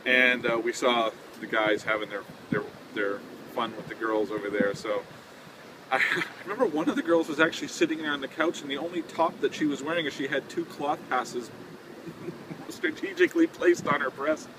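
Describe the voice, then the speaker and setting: A man's voice: medium pitch, moderate pace. A man from a touring band telling a casual anecdote in a chatty way, laughing and using fillers. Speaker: touring band member telling a tour story. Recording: windy outdoor noise.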